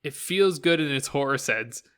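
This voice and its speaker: A man from Canada in casual podcast chat, his voice bright and his pitch swinging widely. He talks animatedly, laughs a lot and drops casual swears. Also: lively intonation, normal speed, smooth. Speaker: podcast co-host.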